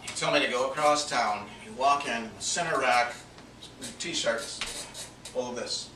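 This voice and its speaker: A man's voice: mid-range voice, unhurried, sharp tone. Earnest man telling a story, echoey. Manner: earnest, confessional, drops to near-whisper for inner thoughts. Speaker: minister telling a personal story. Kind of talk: sermon testimony storytelling. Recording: echoey from a distance, faint background noise.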